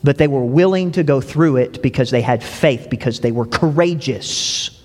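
A man's voice: medium pitch, moderate pace, darkish tone, slight background noise. A male pastor preaching a sermon in a conversational way, dropping in "you know" and "right?" and repeating words as he restarts. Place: church. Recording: long reverb of a church hall.

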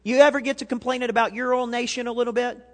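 A male pastor preaching a sermon, animated, swinging between loud and quiet and asking the congregation questions. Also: very high-pitched, fast talker. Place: church sanctuary. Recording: long hall reverb.

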